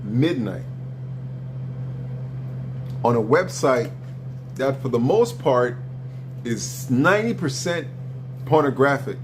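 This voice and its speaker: A man hosting a live stream, lecturing bluntly with profanity and sharp swings in pitch during a heated argument. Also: animated, takes it slowly, long pauses, noisy background.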